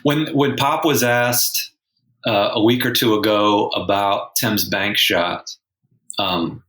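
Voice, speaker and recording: A man's voice: fairly low pitch, fairly even intonation, takes it slowly, fairly bright tone. A male sportswriter co-hosting a podcast, talking in a wry, rambling way with many restarts. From San Antonio, Texas. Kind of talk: casual sports discussion. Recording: roomy echo.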